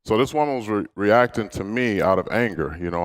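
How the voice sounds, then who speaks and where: A man's voice: on the low side, expressive, fairly quick, few pauses. A man giving a motivational speech to a live audience, telling personal stories in a candid, humorous way. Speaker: motivational speaker. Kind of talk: inspirational storytelling speech.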